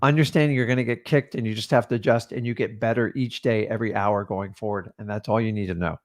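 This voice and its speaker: A man's voice: on the low side, steady tone, fast talker. A man co-hosting a livestream, giving a blunt, casual pep talk and calling listeners "dude" and "guys". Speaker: co-host of real estate livestream.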